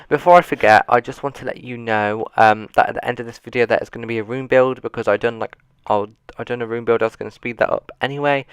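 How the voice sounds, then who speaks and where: A man's voice: medium pitch, smooth, dry recording. A man giving casual, rambling commentary on a video game, with self-mocking, dryly sarcastic asides, seated at his computer. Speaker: gaming YouTuber.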